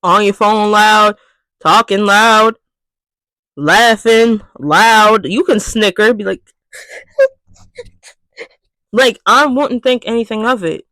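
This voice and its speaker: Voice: mid-range voice, slow, pauses often, sharp tone, no echo, rough recording. A vlogger ranting casually to camera, exasperated and profane, repeating phrases for emphasis.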